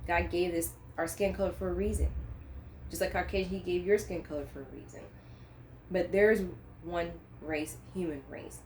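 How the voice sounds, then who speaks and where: Woman, unscripted faith vlog, impassioned and earnest, lower pitch, light hiss on the recording. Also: steady tone, normal speed, a little mellow. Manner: earnest, impassioned, rising to emphatic peaks. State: choked up. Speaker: Christian vlogger. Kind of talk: unscripted faith talk to camera.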